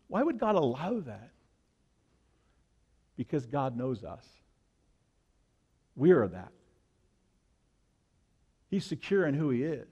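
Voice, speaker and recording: A male pastor preaching an impassioned sermon, swinging between loud, urgent lines and hushed ones. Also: sits high, long reverb tail, lo-fi sound.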